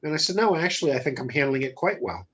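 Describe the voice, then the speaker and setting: With a medium pitch and a slightly rough edge, this male guest entrepreneur talks quickly through a personal story in a casual interview. He bluntly acts out the exchanges, quoting the dialogue in an animated retelling.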